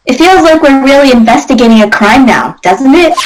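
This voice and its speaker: A woman's voice: sits high, animated, a little fast, noisy background. A woman voicing an eager, chipper young female forensics enthusiast in an amateur game dub. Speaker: fan voice actor. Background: background music.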